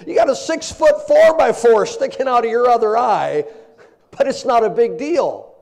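High-pitched, animated male preacher. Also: unhurried, vocal fry. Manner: humorous, animated storytelling with frequent laughter; quotes scripture in old-fashioned wording. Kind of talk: sermon.

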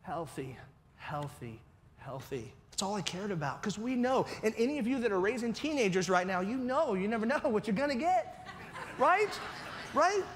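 A man's voice: extremely high pitch, expressive, brisk, slight background noise. A man preaching a sermon as pastor, talking in a conversational way and often checking in with his listeners. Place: church hall. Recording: long reverb of a church hall.

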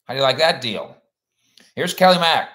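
A man's voice: a little high, moderate pace, bright, forceful tone. Folksy man hosting a sports livestream. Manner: rambling, conversational, folksy. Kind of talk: casual livestream chat, reading viewer comments.

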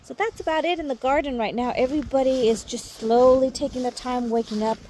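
Chatty woman touring her garden, slightly high voice. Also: fairly quick, a little hiss or hum. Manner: chatty, warm toward viewers, coos baby talk at her dogs. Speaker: gardening vlogger. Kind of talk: casual garden walk-through vlog. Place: outdoors in a home garden.

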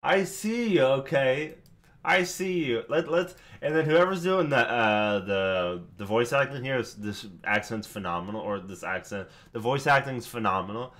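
Male reaction host, casual and excitable, breaks down lines as he hypes them. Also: mid-range voice, moderate pace. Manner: excitable, swearing, hyping up lines.

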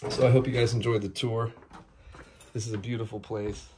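A man from the United States vlogging a casual walk-through of a big rental house, chatty and excitable, talking to viewers as guys and breathing a little heavily. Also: on the low side, fairly quick, slight background noise. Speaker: vlogger giving a house tour. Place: large rental house indoors.

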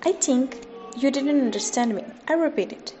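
A woman's voice: high-pitched, normal speed, dark tone, faint music behind. A woman commenting on a story in scripted stage dialogue, making blunt, matter-of-fact remarks. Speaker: onstage commentator.

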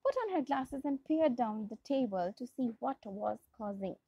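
A woman's voice: a little high, lively intonation, normal speed, dark tone, slightly rough, no echo. A young woman with a Pakistani English accent, reading a storybook aloud to a class as their English teacher, often going back to restart a phrase. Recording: dull lo-fi dry recording.

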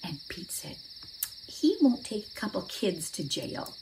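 A woman telling a children's Bible story aloud, asking her listeners questions and acting out the characters' shouts. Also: medium pitch, big pitch swings, a little slow, creaky, noisy background.

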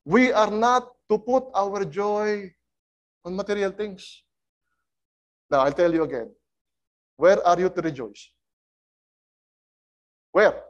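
A man preaching a sermon as a guest speaker, swinging between loud and soft and getting the congregation to join in. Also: sits high, takes it slowly, long pauses, lo-fi sound.

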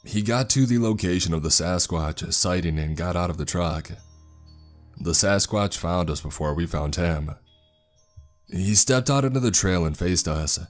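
A deep, low-pitched man narrating a scripted horror story. He reads steadily and matter-of-factly, with faint music playing softly underneath. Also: moderate pace.

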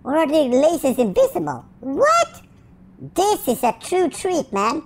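A woman's voice: high-pitched, sing-song, measured pace, full character voice. A woman voicing a goofy, childish baby hedgehog while commenting on a game, full of silly rhymes, made-up sound effects and sudden yelps. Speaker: gameplay commentator in character.

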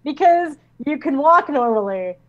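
A woman scientist riffing on a movie in casual chat, animated and quick to laugh and exclaim. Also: high-pitched, highs cut off. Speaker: scientist guest.

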